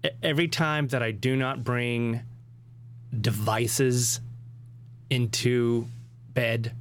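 A man's voice: mid-range voice, fairly even intonation, slow. A man co-hosting a podcast in casual chat, talking emphatically with frequent laughter. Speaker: podcast co-host.

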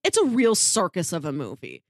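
A woman co-hosting a podcast in casual chat, enthusiastic and quick to laugh, listing details with comic emphasis. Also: lowish voice, huge pitch swings, no room sound, clean studio sound. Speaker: podcast co-host.

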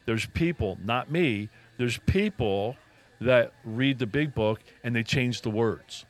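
A man's voice: medium pitch, slow. A man co-hosting a talk show, telling a personal story in a casual, earnest way with frequent restarts and emphatic turns. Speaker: podcast co-host.

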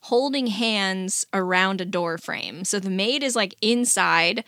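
A woman co-hosting a casual podcast, telling a story in a quick, chatty way full of "and he's like.". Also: medium pitch, sharp tone, no room sound, clean studio sound. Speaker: podcast co-host. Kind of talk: casual book discussion chat.

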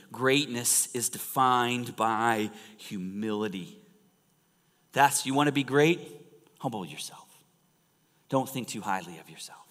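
Guy preaching a sermon, bright tense voice, goes loud then almost whispers, big echoey church hall. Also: on the low side. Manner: animated storytelling, swinging from loud emphasis to hushed near-whispers. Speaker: pastor. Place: church sanctuary. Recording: long reverb of a large church hall.

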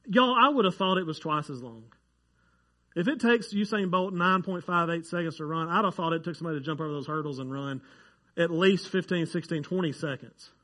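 Animated preacher with a higher voice. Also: male voice, fairly quick. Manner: conversational, jokes with the congregation, gets animated over surprising facts. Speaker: pastor. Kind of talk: sermon. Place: church sanctuary.

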